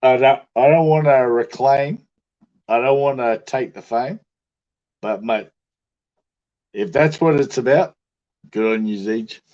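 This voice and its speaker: A man's voice: mid-range voice, measured pace, pauses often, darkish tone, muffled recording. An Australian man bantering casually on a livestream, swearing often, laughing easily and sounding drunk.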